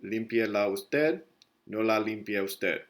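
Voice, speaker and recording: A man's voice: on the low side, a little slow. A male Spanish teacher walks through a recorded grammar lesson step by step, correcting himself as he goes. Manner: explains step by step, corrects himself mid-sentence.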